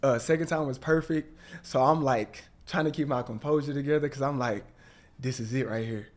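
A man telling a lively story as a guest in an interview, acting out the voices of people he quotes. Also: medium pitch, a little fast.

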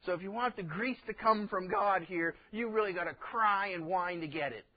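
A pastor preaching a sermon in a high, light man's voice. He tells folksy stories and slips into little acted voices. The sound is dull, like an old radio broadcast. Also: moderate pace.

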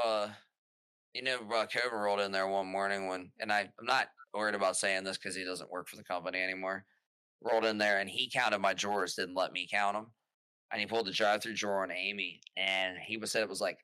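Male podcast guest, low-pitched, forceful storyteller, rambling delivery. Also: a little fast, clean tone, dry recording. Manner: rambling, animated, restarts often while retelling quotes. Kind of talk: casual storytelling chat.

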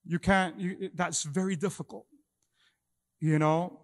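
A man's voice: sits high, steady tone. A middle-aged man preaching a sermon as pastor, often repeating words as he talks. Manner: halting with many repeated words. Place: church hall. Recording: long echo of a large hall.

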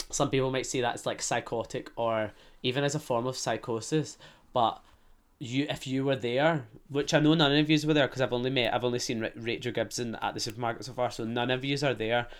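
A Scottish man tells a gossipy story on his solo podcast. He is chatty and self-mocking. His voice sits in an ordinary middle pitch. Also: steady tone, a little fast. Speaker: podcast host. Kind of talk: casual solo podcast chat.

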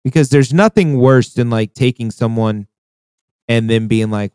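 A man hosting a casual podcast, cursing often and reliving a hunting trip in a lively, laughing way. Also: mid-range voice, moderate pace, smooth, no echo. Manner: profane, animated retelling with acted quotes. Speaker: podcast host. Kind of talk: casual storytelling chat.

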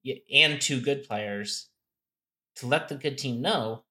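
Bright-voiced man explaining game strategy. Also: medium pitch, slow. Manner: explanatory, thinks aloud with fillers and restarts. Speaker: podcast co-host. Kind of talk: casual game strategy chat.

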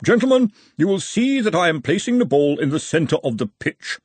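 A man voicing a pompous, haughty older university head acting as referee, speaking in a booming, drawn-out way. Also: sing-song, breathy edge, no room sound.

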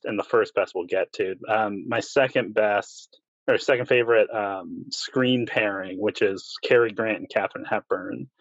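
A man casually ranking classic films with relaxed, wry asides. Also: mid-range voice, no room sound, muffled recording. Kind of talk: casual film discussion.

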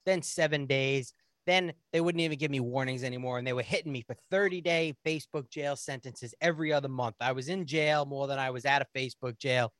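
A man with a New York accent chats on a podcast as a guest, telling stories in a blunt, profane way. His voice sits at an ordinary pitch. The sound is dry and close. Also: fairly quick, fairly bright tone, dry recording. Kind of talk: casual podcast chat.

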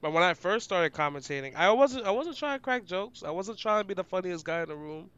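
A man's voice: sits high, brisk, clean tone, no echo, lo-fi sound. A young adult man, an esports commentator, telling stories in a casual, slangy interview chat. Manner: animated and slangy, many "like" fillers; describes himself as loud and outgoing.

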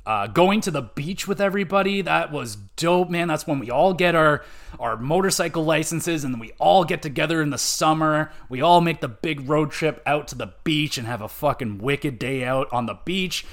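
Excitable, profane young man gushing about a game. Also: a little high, moderate pace. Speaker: podcast host. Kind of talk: casual game review chat.

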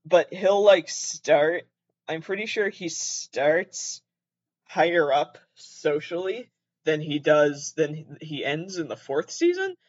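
Rambling, swearing young Canadian podcaster. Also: male voice, fairly high pitch, very animated, slow, highs cut off. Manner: rambling, swears a lot, corrects himself often. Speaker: podcast host. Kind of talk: casual solo podcast chat.

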